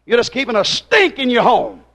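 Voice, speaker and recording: A man preaches a fiery sermon to his congregation in folksy dialect grammar, hollering at them before dropping to a hushed plea. His voice is extremely high, with huge pitch swings, at normal speed.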